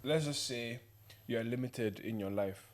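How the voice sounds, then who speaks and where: A man's voice: mid-range voice, a little slow, a little hiss or hum. A man from Northern Ireland co-hosting a podcast in casual, bantering chat, laughing often. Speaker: podcast co-host.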